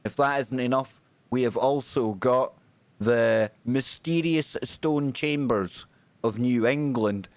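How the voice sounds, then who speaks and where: A man's voice: medium pitch, slow, no echo. Chatty male talk host. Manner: chatty, jokey, energetic banter. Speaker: radio and stream host. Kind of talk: casual paranormal talk show.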